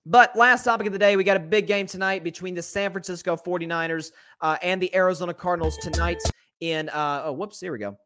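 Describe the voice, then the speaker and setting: A man's voice: sits high, fairly even intonation, fairly bright tone, dry recording, faint music behind. Opinionated male sports podcast host. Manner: opinionated and candid, talks straight to listeners as folks; conversational with quick self-corrections. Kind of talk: solo sports talk monologue.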